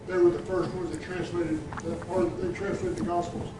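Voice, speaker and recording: A man's voice: high-pitched, little pitch movement, moderate pace. A man in the class adding a rambling comment, repeating himself as he goes. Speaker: class participant. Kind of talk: casual chat. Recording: roomy and distant with clear noise.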